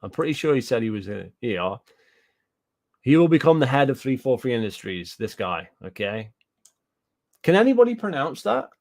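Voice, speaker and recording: A British man in the middle of a gaming-news rant, with a voice pitched squarely in the middle range. He swears freely, circles back over the same points and breaks off to answer people in his chat. The delivery stays loose and conversational. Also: sing-song, moderate pace, long pauses, a little mellow. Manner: ranting, profane, repeats himself, answers live chat. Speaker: gaming commentator. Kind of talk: casual reaction commentary.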